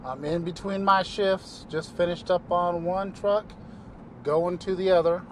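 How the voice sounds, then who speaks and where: A man's voice: sits high, fairly even intonation, a little slow, slight background noise. A man, a paramedic, talking loosely to camera from his car, trailing off often with fillers. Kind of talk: casual vlog monologue. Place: inside a car while driving.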